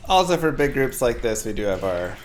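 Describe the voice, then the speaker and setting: A man's voice: medium pitch, sing-song, fairly quick, a little hiss or hum. A man streaming a game, chatting and joking with viewers as he plays. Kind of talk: casual gameplay commentary.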